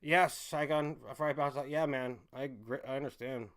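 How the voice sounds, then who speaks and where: A man hosting a casual livestream, rambling and swearing as he reads chat comments aloud, with loud outbursts that drop to low mutters. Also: fairly even intonation, moderate pace. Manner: swings from loud emphatic bursts to low mumbles. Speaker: livestream host.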